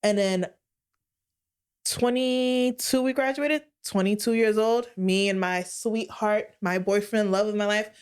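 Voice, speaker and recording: Woman, late 20s, podcast co-host; candid, animated storytelling with wide swings in tone. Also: measured pace, smooth. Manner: expressive storytelling with big jumps in pitch. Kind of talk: candid casual chat.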